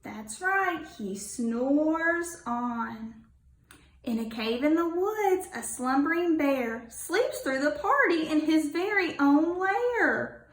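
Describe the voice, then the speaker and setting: A woman teacher reading a picture book aloud to children in an animated storyteller way, asking them questions along the way. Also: very high-pitched. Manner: animated storyteller, asks children questions, stretches lines slowly. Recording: roomy echo.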